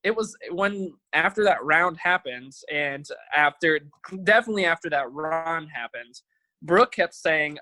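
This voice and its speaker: A man's voice: fairly high pitch, expressive, unhurried, sharp tone, no room sound. A young man, a guest, explaining his side of events in casual chat in an exasperated, defensive way.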